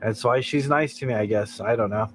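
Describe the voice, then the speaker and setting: A man's voice: on the low side, brisk, slight background noise, poor audio. Chuckling American man chatting on stream. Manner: rambling, chuckles often between thoughts. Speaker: livestream host. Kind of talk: casual chat.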